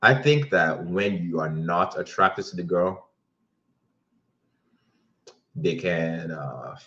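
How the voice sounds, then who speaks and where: A man's voice: low-pitched, expressive, slow, sharp tone, lo-fi sound. A man hosting a casual livestream, telling dating stories in a blunt, profane way. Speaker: livestream host giving dating advice.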